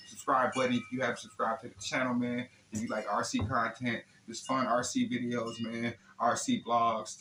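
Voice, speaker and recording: A man's voice: medium pitch, sharp tone. A man hosting a casual hobby unboxing video, talking in a laid-back, slangy way and often adding "man" and "you know what I'm saying". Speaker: RC hobby channel host. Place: indoor room he calls his lab. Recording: echoey room with faint noise.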